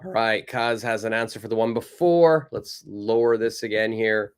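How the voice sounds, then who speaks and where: A man's voice: fairly low pitch, animated, normal speed, clear, resonant tone. A man teaching a live online English lesson with a North American accent, patiently repeating phrases and encouraging his students.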